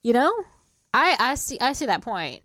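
A woman's voice: fairly high pitch, sing-song, normal speed, a bit bright, dry recording, studio quality. A woman co-hosting a casual true crime podcast, reacting with shock and laughter and weighing in on the case. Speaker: podcast co-host.

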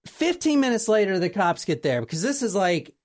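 A woman hosting a casual chat, telling a true crime story in an animated way, swearing casually and acting out quotes. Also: medium pitch, a little fast.

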